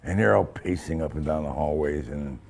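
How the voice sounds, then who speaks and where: An older man with a very deep, gravelly voice recounts show-business stories in an interview. He talks in a lively, profane way and slips into the voices of the people he quotes. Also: normal speed. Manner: animated, profane, acts out quotes. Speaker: actor. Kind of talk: anecdotal interview storytelling.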